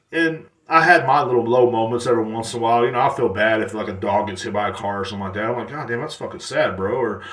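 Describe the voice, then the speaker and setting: A man's voice: mid-range voice, a bit bright. A man hosting a podcast, ranting casually in a rambling, profane way with many restarts. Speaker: podcast host. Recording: roomy sound, distant from mic.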